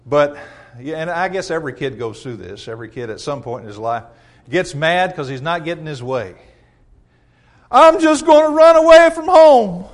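A male pastor preaching a sermon in a conversational, emphatic way, often chuckling and acting out what people say. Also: mid-range voice.

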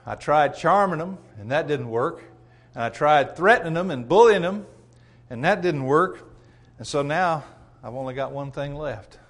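A man voicing a scheming male troublemaker who mutters to himself in a low, brooding way. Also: lively intonation, normal speed.

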